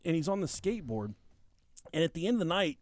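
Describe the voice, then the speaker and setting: A man's voice: a little high, very animated, quick pace, dry recording. A young man on a podcast telling a rowdy story in casual chat, profane, acting out the people he quotes. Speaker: podcast host.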